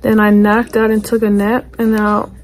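A young woman vlogging at home after surgery, tired and sore-throated, talking quietly and with effort. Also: medium pitch, completely flat delivery, moderate pace. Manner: quiet, weary, talks with effort. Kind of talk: casual phone vlog. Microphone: phone camera.

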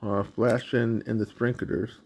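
Slow gravelly man reading a storybook. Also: on the low side, flat delivery, darkish tone. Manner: slow, roaring sound effects. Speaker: channel host reading a picture book. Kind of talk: storybook read-aloud.

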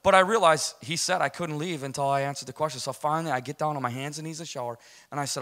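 A man's voice: a little high, rapid-fire, fairly bright tone. A middle-aged American man giving an emotional personal testimony, storytelling and acting out the dialogue, often checking in with "right?". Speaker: guest speaker giving testimony.

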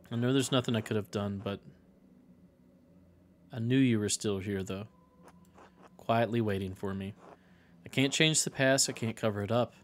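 A man's voice: lowish voice, slight background noise, close to an everyday voice. A man reading the lines of a guilt-ridden medieval artist in his own plain voice. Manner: reads the dialogue aloud plainly.

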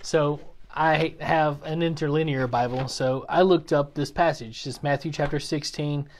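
A man teaching a Bible class in a relaxed, explanatory way, with plenty of fillers and restarts. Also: a little high, a little slow. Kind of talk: casual teaching talk. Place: church classroom.

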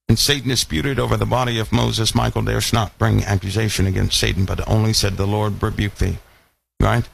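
A man preaching with a lively voice that swings up and down. He speaks at a medium pitch and keeps asking his listeners rhetorical questions as he teaches a Bible lesson. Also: vocal fry, husky. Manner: animated, full of rhetorical questions. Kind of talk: live online sermon.

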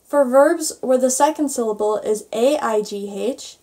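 A woman's voice: a little high, a little slow, mellow. A young Irish woman with an Irish accent giving a patient language lesson, spelling endings out letter by letter. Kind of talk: online grammar lesson.

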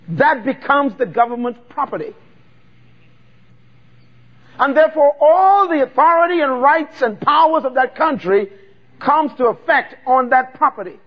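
A man preaches with a very high-pitched voice, stretching out words for weight and leading the crowd in call-and-response. The recording sounds dull and lo-fi. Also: animated, measured pace, pauses often. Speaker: pastor. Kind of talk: sermon.

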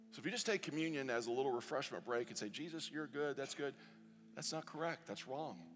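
A man as pastor giving a sermon and a communion prayer, earnest, slowing down to stress each quoted verse. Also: on the high side. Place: church sanctuary. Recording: long church reverb with soft music.

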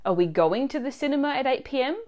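A woman narrating a scripted language lesson in a clear, expressive teaching manner. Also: high-pitched, fast. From Australia.

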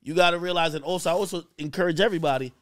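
A man hosting a talk show, animated and storytelling in casual chat. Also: a little high, rapid-fire. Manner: animated, loud outbursts, storytelling. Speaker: host.

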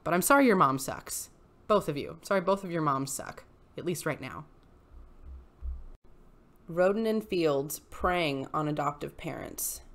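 A woman hosts a casual commentary vlog, reading posts aloud and reacting in animated, exasperated rants. Her voice sits a bit low for a woman, and her delivery swings between outrage and wry asides. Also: unhurried, long pauses. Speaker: YouTube host reading posts.

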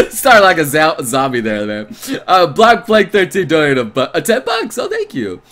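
Brief: male game streamer, bright, high, animated, crude excited reactions. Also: moderate pace, hardly any pauses, slight background noise. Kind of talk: reading and reacting to a visual novel.

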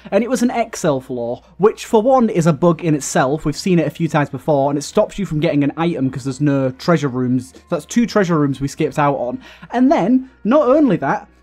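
A young man with a fairly high voice delivers loose, rambling gameplay commentary. He sounds exasperated, full of fillers and restarts as he talks through his run. Faint game music plays behind him. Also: a little mellow. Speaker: gaming YouTuber. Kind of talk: casual let's-play commentary.

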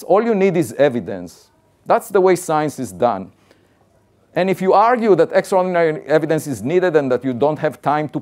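A man's voice: fairly high pitch, a little mellow. A man, an astrophysicist, giving a conversational public science talk and building his arguments point by point in a plain-spoken, insistent way.

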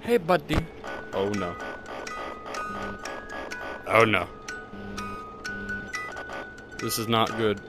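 A young man with a lowish, sing-song voice takes his time as he gives jokey let's-play commentary on a horror game. He talks to the characters and lets out jumpy yelps when something startles him, with music playing behind him.

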